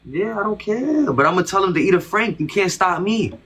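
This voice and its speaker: Emphatic slangy man, bright voice. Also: high-pitched, expressive, fairly quick. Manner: emphatic, repetitive, slangy and defensive. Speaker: interview guest. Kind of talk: casual interview talk.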